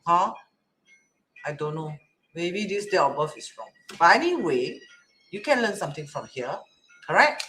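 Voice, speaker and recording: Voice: mid-range voice, very animated, normal speed, pauses often, bright, forceful tone. A Chinese metaphysics teacher talking casually to an online class, speaking colloquial English with "lah" and "lor" and often asking "correct?". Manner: chatty, asks rhetorical "correct?" often.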